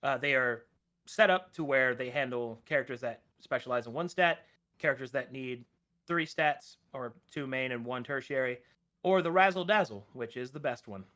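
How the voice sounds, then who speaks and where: Bright-voiced game master, man. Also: medium pitch. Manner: brisk, upbeat instructions. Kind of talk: explaining game rules.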